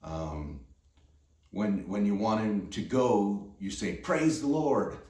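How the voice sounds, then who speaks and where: A man's voice: on the low side, animated, slow, darkish tone, voice pushed up. A man doing a kindly joke priest. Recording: roomy, distant mic.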